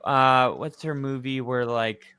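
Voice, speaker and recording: A man's voice: mid-range voice, fairly even intonation, slow pace, pushed and bright, clean tone. A man co-hosting a football live stream in casual chat, rambling with lots of fillers.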